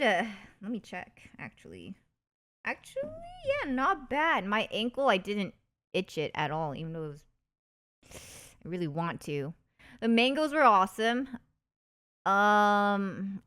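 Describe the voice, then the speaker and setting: A young woman streamer telling a story in a casual, bubbly way, full of fillers and restarts. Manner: animated, putting on high eager voices when quoting people.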